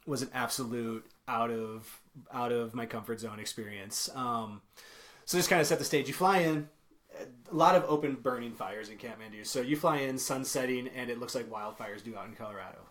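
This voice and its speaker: A man's voice: medium pitch, brisk, a bit bright. A young man as a podcast guest, telling a travel story in a casual, rambling way, full of ums, self-corrections and small chuckles. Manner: chuckles while telling stories.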